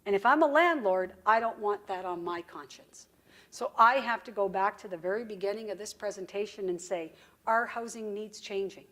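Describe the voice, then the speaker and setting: A woman's voice: medium pitch, brisk, a bit bright. A woman giving a conference presentation in a direct, folksy storytelling manner.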